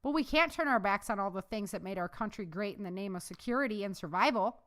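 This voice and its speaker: A woman's voice: mid-range voice, lively intonation, fast talker, a bit bright, lightly acted. A woman voicing an earnest, heartfelt young woman who survived a disaster.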